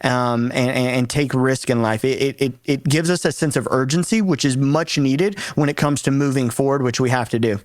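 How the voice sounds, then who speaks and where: A young man from Tennessee, a podcast guest telling lively stories in casual chat, repeating words and acting out quotes. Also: mid-range voice, normal speed, few pauses, no echo. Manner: animated storyteller, repeats words, acts out quotes. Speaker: guest, actor and streamer.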